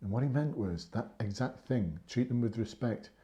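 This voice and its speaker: A man's voice: mid-range voice, lively intonation, moderate pace, mellow. A man in his fifties, a former police sergeant, giving casual, earnest advice on a live stream and repeating his points for emphasis. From England.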